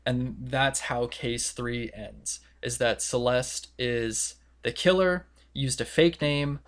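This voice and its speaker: Young male podcast co-host, mid-pitched, casual and rambling, acts out quotes. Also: slow. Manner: rambling, filler-heavy retelling with quoted voices.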